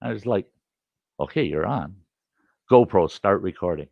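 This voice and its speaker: An older man telling a funny camping story in a casual, animated way, acting out his shouting at a stubborn camera. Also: sits low, normal speed, vocal fry, no echo. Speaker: storyteller host. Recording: dull, slightly lo-fi and dry.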